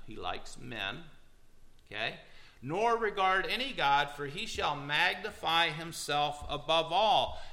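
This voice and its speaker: A man's voice: a little high, pushed and bright, rough recording. A man giving a sermon-style talk, reading quotes aloud with emphatic stress. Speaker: preacher.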